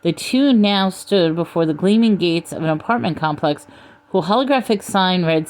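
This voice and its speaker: A woman narrating a comic storybook in a dry, deadpan manner. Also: lowish voice, moderate pace.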